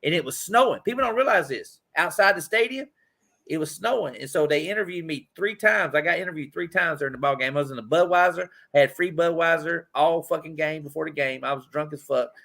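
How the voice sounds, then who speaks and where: A man's voice: a little high, a little fast, creaky, sharp tone. A man from Indianapolis hosting a podcast, telling rambling, profane sports stories in casual chat. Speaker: podcast host.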